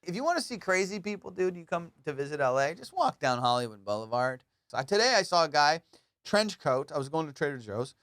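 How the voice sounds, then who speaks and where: A man's voice: fairly high pitch, fairly quick, no room sound. Profane man telling comedic stories. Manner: profane, animated, rambling. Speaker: comedian and podcast host. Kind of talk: casual comedic storytelling. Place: Los Angeles.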